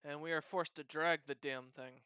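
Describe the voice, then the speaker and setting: A man's voice: a little high, fairly even intonation, normal speed, pushed and bright, clean tone, dry recording, highs cut off. A man voicing a cheerful, catlike female bodyguard and former clan nursemaid who talks eagerly. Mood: chatty.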